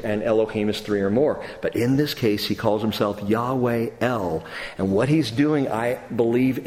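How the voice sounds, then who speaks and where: A man preaching a sermon as pastor, reading scripture slowly and building to emphatic, lively bursts. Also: medium pitch. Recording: roomy hall with long reverb.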